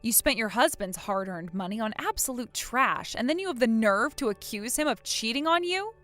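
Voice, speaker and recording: A woman's voice: on the high side, animated, normal speed, a bit bright, faint music behind. A woman voicing a cold, furious young wife who scolds her sister-in-law without mercy. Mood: stern. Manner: stern, scolding, unforgiving.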